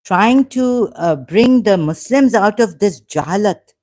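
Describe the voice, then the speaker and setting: Woman, live stream host, slow delivery, indignant, scolding tone. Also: medium pitch, expressive, dark tone. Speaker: channel host answering live chat. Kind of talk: live stream chat reply.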